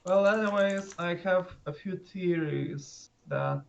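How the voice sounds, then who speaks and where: A man's voice: high-pitched, slow, gravelly, dull audio. A man playing in a tabletop game, chatting casually and rambling. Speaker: player. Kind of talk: casual chat.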